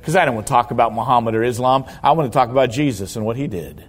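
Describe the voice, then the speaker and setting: A pastor preaches an emphatic sermon, telling stories and repeating key words to stress them. His medium-pitched voice races along.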